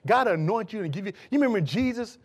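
A male pastor preaching a sermon, calling out to the congregation and swinging from loud bursts to hushed asides. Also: high-pitched, lively intonation, quick pace, husky.

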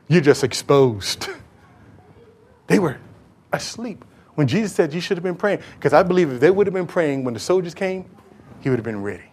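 A pastor preaching a sermon emphatically, often repeating words for stress. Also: male voice, a little high, expressive, normal speed, pauses often, a little mellow, breathy edge.

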